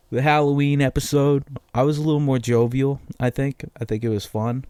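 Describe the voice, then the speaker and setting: A man's voice: medium pitch, dark tone, smooth, dry recording. A man, hosting a casual solo podcast in a profane, rambling, self-deprecating way. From Massachusetts. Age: 20s. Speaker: podcast host.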